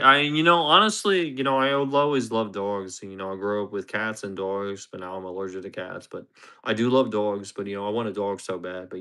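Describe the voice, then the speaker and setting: A man's voice: on the low side, bright, forceful tone, smooth. A man chatting casually on a live stream, rambling and chuckling as he reads chat aloud.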